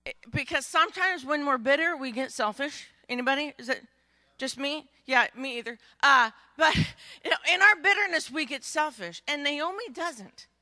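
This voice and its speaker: A woman pastor preaching a sermon in a conversational, joking manner, acting out stories with lively emphasis and frequent restarts. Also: high-pitched, normal speed, no room sound, clean studio sound. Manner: animated storytelling, acting out quotes with rising volume; frequent word repetitions and restarts.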